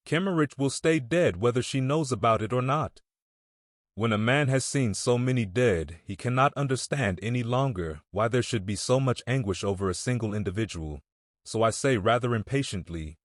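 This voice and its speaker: A man narrating an audiobook in a measured, somber first-person reading. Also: medium pitch, dry recording, clean studio sound. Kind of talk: scripted narration.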